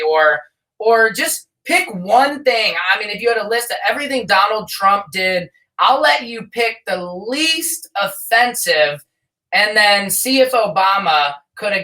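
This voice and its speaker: A man hosting a podcast, laid-back and quick to laugh in casual chat. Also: sits high, animated, bright, forceful tone, recorded from a distance, poor audio. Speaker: podcast host.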